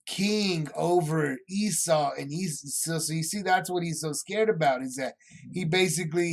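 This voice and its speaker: Male Bible study teacher, fairly high voice, casual and rambling, acts out scenes.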